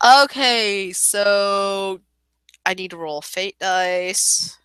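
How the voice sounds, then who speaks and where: A woman running a tabletop role-playing game, narrating in a relaxed way. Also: mid-range voice, very slow, a crowd in the background. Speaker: game master.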